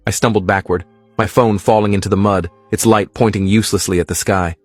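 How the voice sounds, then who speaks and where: A man narrating a first-person horror story in a steady, scripted reading style. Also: on the low side, brisk, no echo, soft background music.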